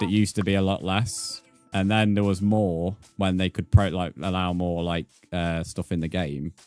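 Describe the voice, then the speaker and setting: A British man chatting casually on a live game stream, easygoing, with lots of fillers as he reads out the chat. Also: low voice. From United Kingdom.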